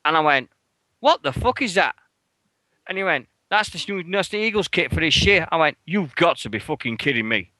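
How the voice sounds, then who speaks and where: A man with a bright, forceful voice, telling a story in a casual radio chat. He swears freely and his pitch leaps sharply when he plays out his own outrage. The sound is close and dry, with no room in it. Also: lively intonation, quick pace, hardly any pauses, no echo, rough recording. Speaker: radio show co-host. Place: radio studio.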